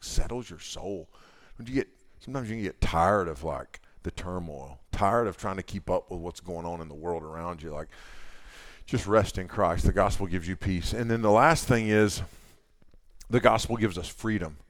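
A man speaking as a camp speaker to girls, giving an animated, folksy talk with slangy asides. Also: low voice. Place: camp meeting hall.

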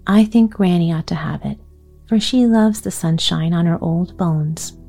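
A woman's voice: lowish voice, measured pace, vocal fry, dark tone, soft background music. A woman reading aloud, giving the lines of a sweet, eager little girl.

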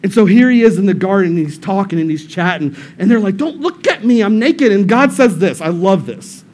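A male pastor with a fairly high voice who gives a casual, storytelling sermon in a church. He preaches in an animated, joking way and often repeats his phrases. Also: a little fast. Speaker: lead pastor. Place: church service room.

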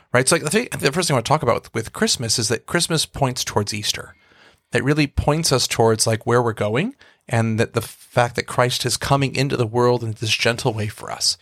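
A man's voice: medium pitch, fairly bright tone, no room sound, clean studio sound. A man, a priest co-hosting a faith podcast, telling a prayer story in a reflective, storytelling way with frequent restarts. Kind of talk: casual faith podcast conversation.

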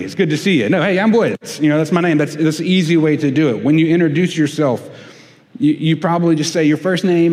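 A man preaching a sermon, conversational and emphatic, growing loud and indignant when quoting. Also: on the high side, big-room sound. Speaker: pastor.

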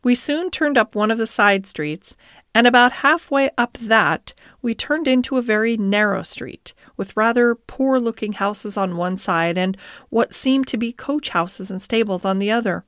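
A woman reading a classic novel aloud as scripted narration, in a gentle, even storytelling manner with lightly voiced dialogue. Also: fairly high pitch, a little slow, no echo, clean studio sound. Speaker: audiobook reader.

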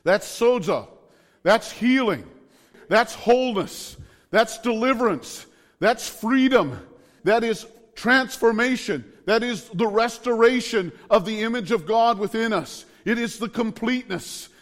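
A middle-aged male preacher with a high voice delivers a fervent sermon in repeated declarations. His voice rings out with a long reverb behind it. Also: animated, a little slow, fairly bright tone.

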